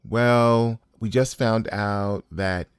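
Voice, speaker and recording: A man's voice: fairly low pitch, steady tone, drawn-out words, smooth, no echo, clean studio sound, pitched above the performer's own voice. A man imitating a female cousin on the phone, falsely sweet and casual. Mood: hesitant.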